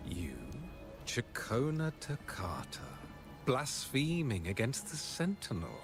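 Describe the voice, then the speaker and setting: A man's voice: medium pitch, very animated. A man voicing a scornful middle-aged male zealot acolyte in a game, sneering and grand. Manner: sneering, contemptuous, slow and grand. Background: game music.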